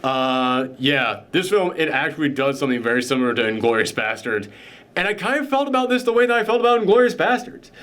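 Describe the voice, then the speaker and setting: Man, film reviewer, candid and opinionated, slightly high voice. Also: very animated, fast, fairly bright tone. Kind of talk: casual movie review chat.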